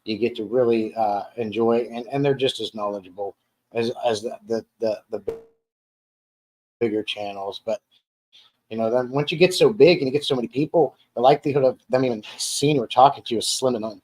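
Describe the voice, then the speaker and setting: A man's voice: mid-range voice, a little fast, a little mellow. A man hosting a casual home live stream in an easy, rambling way. He often restarts his sentences and repeats words as he reads viewer comments aloud and chats. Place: dining room at home.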